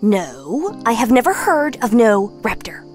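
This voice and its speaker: A woman's voice: on the high side, sing-song, a little slow, a little mellow, soft background music. A woman voicing a sweet, polite young woman new to an island in a game machinima. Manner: polite, friendly.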